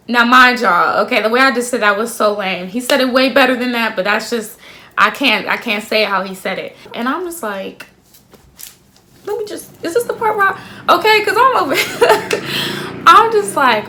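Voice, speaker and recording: A young woman in her twenties telling a story to her phone camera in a casual, slangy, animated way, laughing often. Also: fairly high pitch, moderate pace. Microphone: phone camera at arm's length.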